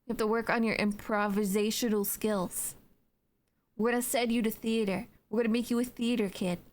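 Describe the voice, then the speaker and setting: Her voice is fairly high, a little mellow, and fairly even in intonation, at a normal pace. This young adult Twitch streamer, at home, reads chat aloud and rambles playfully with many fillers, yawning now and then.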